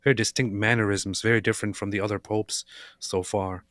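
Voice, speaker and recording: A fairly low-voiced man co-hosting a stream in casual chat. He talks in a relaxed way and stops often to search for words. The sound is dry and close to the mic. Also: a little fast, dry recording. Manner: relaxed, hesitant, with many fillers. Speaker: co-host of a reaction stream. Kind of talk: casual reaction commentary.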